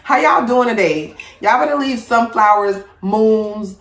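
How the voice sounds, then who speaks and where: A woman hosting a casual podcast chat, talking bluntly with plenty of swearing and lively storytelling. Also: on the high side, unhurried, reverberant. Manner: blunt, profane, animated storytelling. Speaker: podcast host. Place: home room with incense.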